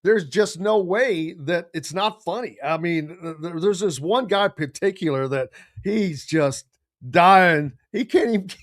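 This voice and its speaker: A man's voice: high-pitched, a little slow, no echo, clean studio sound. A man hosting a sports radio show, chatting casually and animatedly and slipping into voices and impressions. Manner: animated, does voices and impressions while talking.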